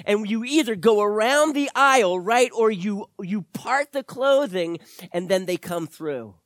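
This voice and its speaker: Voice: medium pitch, expressive, a little slow, a bit bright, no echo, clean studio sound. A pastor preaching a sermon in a conversational, storytelling way, sometimes acting out small quoted voices.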